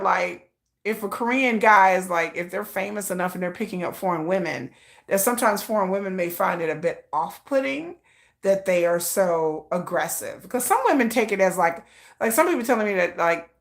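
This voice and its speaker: A woman hosting a casual livestream chat, telling stories in an animated way and acting out bits of quoted dialogue. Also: medium pitch. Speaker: livestream host.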